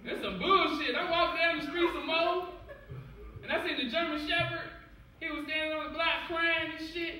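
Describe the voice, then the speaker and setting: High-voiced young comedian, loud and profane. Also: male voice, moderate pace. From Cincinnati, USA. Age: 20s. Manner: loud, profane, animated storytelling. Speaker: stand-up comedian. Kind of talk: stand-up comedy set. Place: comedy club stage. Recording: echoey club, distant mic, loud crowd.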